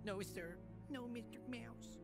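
A man's voice: very high voice, unhurried, music in the background. An actor playing a polite young male pop singer who pleads with his boss. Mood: cowed. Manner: polite, pleading, cowers under threat.

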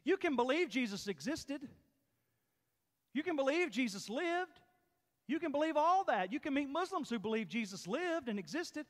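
Preaching in a church sanctuary, the pastor uses a very high voice with big pitch swings, speaking at normal speed while a long reverb lingers. He hammers points through repetition, his intensity climbing and dropping.

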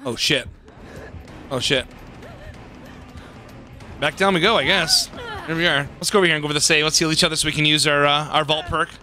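Male gaming YouTuber, high voice, excitable play-by-play with swearing, faint game music behind. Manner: excitable, swears and laughs often. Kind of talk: casual gameplay commentary.

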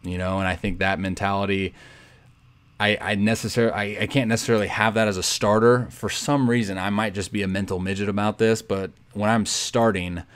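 Low, smooth-voiced young man. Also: steady tone, a little fast. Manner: laid-back, rambling, full of "like" and "you know". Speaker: pro baseball pitcher. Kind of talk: casual breakdown of game footage.

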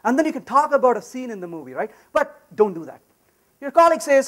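A man giving a technical talk at a conference, his voice high and bouncing all over the place. He jokes with the audience and keeps checking in with a quick "right?". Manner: animated and joking, repeats "right?". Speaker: conference speaker.

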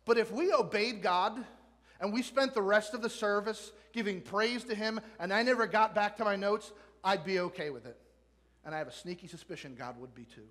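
A male pastor preaching a sermon in a lively way, asking the congregation questions and joking with them. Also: high-pitched, normal speed. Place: church sanctuary. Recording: long church reverb.

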